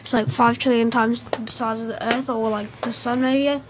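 Brief: silly, giggly young girl, very high voice, noisy room. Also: steady tone, normal speed.

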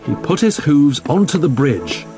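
A man reading a children's storybook aloud, expressive and playing out the sound words. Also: a little high, normal speed, over music.

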